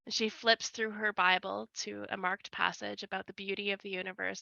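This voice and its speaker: A woman player narrating a scene in a tabletop game, slow and deliberate. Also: mid-range voice, flat delivery, creaky, pushed and bright, dry recording. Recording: dull lo-fi recording.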